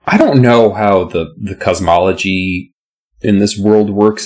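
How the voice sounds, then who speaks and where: A man co-hosting a podcast, recapping a children's book in a jokey, animated way. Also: fairly low pitch, unhurried. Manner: animated, jokey, sound-effect hums. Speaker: podcast co-host. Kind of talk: casual book-recap chat.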